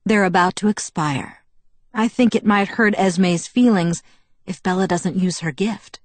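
Woman reader voicing a composed, polite young man in a storybook, mild and even, dry sound. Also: mid-range voice, measured pace, no room sound, close to an everyday voice. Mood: calm. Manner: conversational, mild, innocent-sounding.

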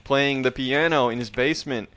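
Animated joking male podcast host. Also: mid-range voice, normal speed. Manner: animated, joking, acts out scenes with voices. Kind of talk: casual chat, recapping a TV episode.

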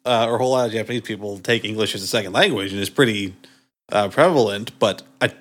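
A man's voice: lowish voice, fast, fairly bright tone. A man from Minnesota chatting casually, hesitant and musing, with many restarts. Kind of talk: casual chat.

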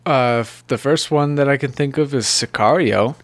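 A man's voice: mid-range voice, normal speed, no echo. Chatty man with a dry sound. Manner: playful, chatty, explaining plots. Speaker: podcast co-host. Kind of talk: casual chat.

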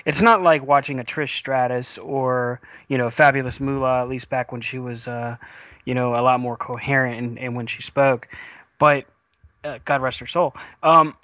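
A man's voice: mid-range voice, sharp tone, no echo. A man hosting a wrestling podcast in casual chat, rambling with many fillers and restarts, and he has the hiccups.

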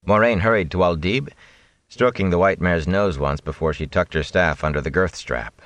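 A man narrating a fantasy audiobook with dramatic, expressive storytelling. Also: deep voice, moderate pace, no room sound.

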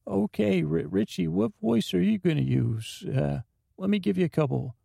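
A man's voice: high-pitched, moderate pace, gravelly, dark tone, breathy edge, no echo, clean studio sound, pitched above the performer's own voice, full character voice. A man voicing a goofy, eager grown man with a folksy, chirpy manner in an improvised comedy scene. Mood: giddy. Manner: folksy, chirpy, says buckaroos and bucko.

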